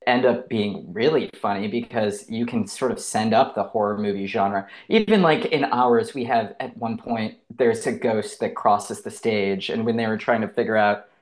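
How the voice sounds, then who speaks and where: A man's voice: fairly low pitch, normal speed, few pauses. Chatty man, guest on a theater podcast. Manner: chatty, laughs often, says "like" a lot. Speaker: stage actor, podcast guest. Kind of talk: casual interview chat.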